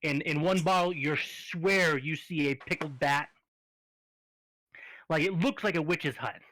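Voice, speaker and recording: A man runs a tabletop game, laying out scenes in an unhurried, descriptive way. His voice sits a bit high and sounds bright and forward, with a dry, close recording. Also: no room sound, poor audio. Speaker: game master.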